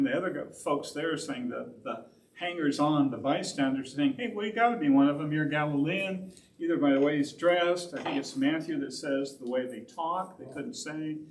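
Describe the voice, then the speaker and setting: A man from Oregon, a pastor leading an adult Bible class in a loose, conversational way full of side remarks. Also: mid-range voice. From Oregon, USA. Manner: rambling, conversational, with self-aware asides. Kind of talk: casual Bible study teaching. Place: church classroom. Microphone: distant room mic. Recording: roomy, distant, faint hiss.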